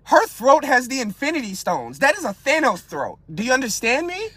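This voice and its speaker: A young man hosting a podcast, ranting in a crude, animated, comedic way and asking his listeners one rhetorical question after another. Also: extremely high pitch, normal speed, breathy edge. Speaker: podcast host. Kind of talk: casual comedic rant. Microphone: podcast mic.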